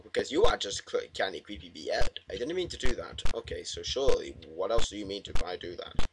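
Jumpy man with a lively, swinging pitch. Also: fairly quick, background noise. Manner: jumpy, swearing, talks back to the game. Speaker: gamer. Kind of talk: horror game commentary.

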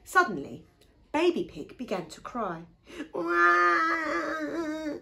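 Slow, expressive woman reading aloud. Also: medium pitch. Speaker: teacher reading to children. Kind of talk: reading a picture book aloud.

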